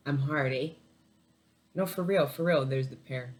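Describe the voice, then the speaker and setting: A woman's voice: extremely low pitch, a little slow, pauses often, darkish tone, slight background noise. A woman giving a casual tarot reading to her viewers, rambling and emotional, swearing freely and laughing between thoughts. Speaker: tarot reader.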